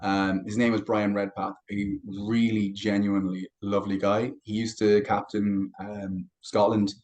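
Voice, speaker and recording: A young adult man, a fitness coach guest on a podcast, talking casually and telling stories in a relaxed way. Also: lowish voice, a little slow, low-quality recording. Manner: relaxed storytelling with anecdotes. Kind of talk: casual interview chat.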